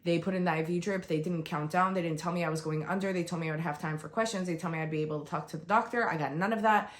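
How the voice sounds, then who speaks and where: A woman telling a raw, emotional personal story on a vlog, on the verge of tears, swinging between quiet and heated. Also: on the low side, steady tone, rapid-fire, reverberant. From United States. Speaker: vlogger.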